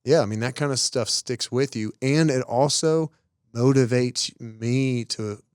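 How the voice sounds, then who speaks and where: A man's voice: medium pitch, measured pace, a little mellow, clear, resonant tone, no echo, clean studio sound. A man co-hosting a podcast, speaking earnestly in casual conversation. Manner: earnest, affirming listener. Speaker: podcast co-host.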